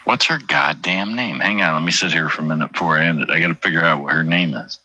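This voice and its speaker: A man's voice: a bass voice, quick pace, bright, forceful tone, dry recording. A middle-aged man hosting a livestream, rambling and swearing casually while reading out chat names. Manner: profane, rambling, reads chat aloud. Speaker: livestream host.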